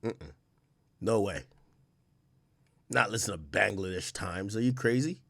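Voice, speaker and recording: A man's voice: lowish voice, expressive, unhurried, gravelly, fairly bright tone, breathy edge, dry recording, clean studio sound. A man in his thirties giving blunt, profane commentary as he reacts to news clips, laughing often.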